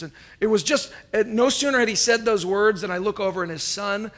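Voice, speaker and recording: A man in his thirties preaching a sermon as a pastor, telling stories in an animated, conversational way with asides. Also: high-pitched, brisk, few pauses.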